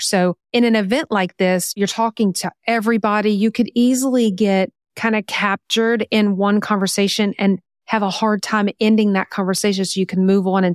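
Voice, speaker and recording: Smooth-voiced woman host, dry close sound. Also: medium pitch, no echo. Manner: warm praise, thoughtful, slows down to stress points. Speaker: podcast host. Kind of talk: casual interview conversation.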